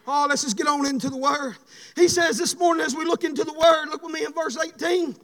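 A man preaching in a church sanctuary, his voice sitting very high as he chants and drives each phrase with a sharp "hey." He climbs from a murmured prayer to full shouting, and the sound rings with the long reverb of a big hall. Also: steady tone, fairly quick. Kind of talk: fiery sermon with opening prayer.

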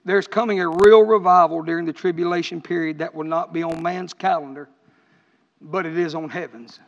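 A middle-aged man, preaching with fervor and swinging between shouts and quiet, earnest talk. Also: steady tone, normal speed, big-room sound, highs cut off. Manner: impassioned, rising to shouts then dropping low. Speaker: pastor. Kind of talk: preaching sermon.

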